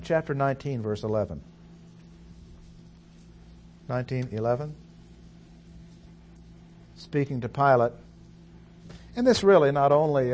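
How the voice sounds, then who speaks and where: A man giving a Bible study lecture, reading scripture in a measured, deliberate way with pauses. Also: mid-range voice, darkish tone, a little hiss or hum. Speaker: Bible teacher.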